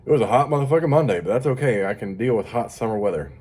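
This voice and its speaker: A man's voice: mid-range voice, lively intonation, very fast, darkish tone, slightly rough. A tired man rambling through a crude, profane casual monologue as a vlogger. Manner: profane, rambling, mock-tough.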